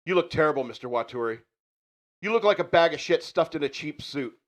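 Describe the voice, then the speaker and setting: A man's voice: on the high side, normal speed, lightly acted. A man doing an impression of a weary office worker delivering a bitter speech as he quits his job.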